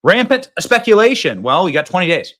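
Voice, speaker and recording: A man in his thirties hosting a political commentary show, excitable and mocking, and he laughs often. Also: high voice, fairly quick. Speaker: host.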